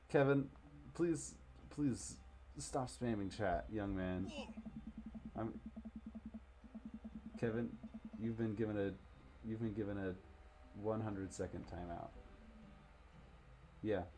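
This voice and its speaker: A man's voice: on the low side, slow, pauses often, mellow, a little hiss or hum. A young man streaming a game live, chatting casually and joking, swearing freely as he reads along. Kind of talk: live game playthrough chat.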